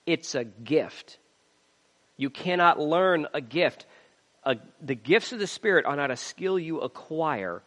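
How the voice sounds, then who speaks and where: A man's voice: a little high, fairly bright tone, long reverb tail. A man preaching a sermon, reading scripture aloud and building emphasis as he goes. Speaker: pastor.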